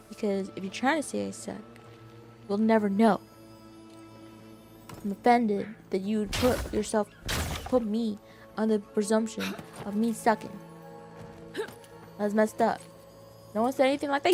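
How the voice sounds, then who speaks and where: A young woman streaming a game live, chatting with viewers in an excitable, playfully indignant way that jumps into squeals. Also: mid-range voice, normal speed, long pauses, faint music behind.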